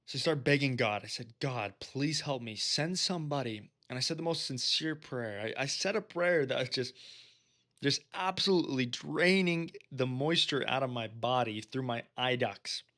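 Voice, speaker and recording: A man's voice: mid-range voice, moderate pace, pushed and bright. Earnest man giving faith-based advice. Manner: earnest, direct, preacher-like urging. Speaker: faith-based self-help video host. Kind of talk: earnest personal testimony to camera.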